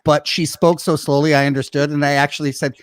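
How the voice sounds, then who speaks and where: A man's voice: fairly high pitch, flat delivery, fast talker, dry recording, clean studio sound. A man comedian with a Midwestern accent, telling sheepish, self-deprecating stories as a panel guest. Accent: Midwestern American.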